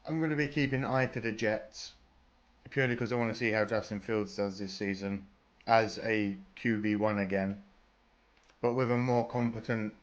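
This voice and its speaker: A man's voice: lowish voice, fairly even intonation, moderate pace, lo-fi sound. A man with a British accent hosting a live watch-party stream, chatting casually, laughing often and swearing now and then.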